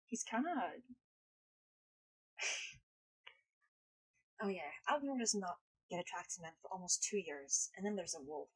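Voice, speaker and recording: A woman's voice: lowish voice, big pitch swings, slow, pauses often, breathy edge, poor audio. A woman live streaming in casual chat, playful and blunt, swearing freely, speaking English as a second language. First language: not English.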